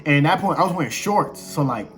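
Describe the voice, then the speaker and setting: A young adult man casually telling a personal story, slangy and animated, acting out quoted exchanges as he goes. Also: on the high side, quick pace.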